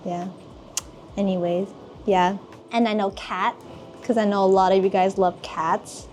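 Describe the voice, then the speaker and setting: A woman demonstrates handwriting in a loose, hesitant way, stumbling over words and leaning on fillers. Her pitch is ordinary for a woman. There is a faint noise under the recording. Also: steady tone, unhurried, darkish tone. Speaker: guest helper. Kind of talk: casual demonstration.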